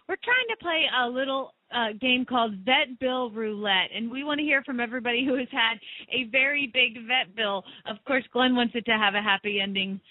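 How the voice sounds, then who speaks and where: A woman's voice: high voice, dry recording. A woman with a Southern American accent co-hosting a radio show and taking calls in a chatty way. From Southern United States. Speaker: radio co-host. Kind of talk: casual radio chat. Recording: dry, narrow phone-like sound.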